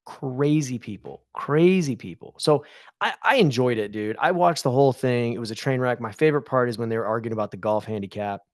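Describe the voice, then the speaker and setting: A man's voice: medium pitch, a little fast, no echo, studio quality. A man in his thirties co-hosting a podcast, talking bluntly in a casual chat and acting out quoted asides. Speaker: podcast co-host.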